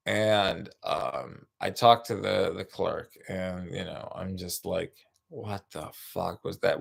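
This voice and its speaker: A man's voice: sits low, creaky. A man telling a rambling, profane stand-up story, full of restarts and asides. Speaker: stand-up comedian.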